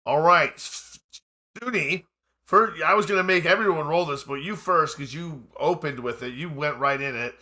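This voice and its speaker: Bright-voiced male game master. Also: a little high. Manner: measured storytelling narration mixed with casual table talk. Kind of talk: narrating a tabletop game.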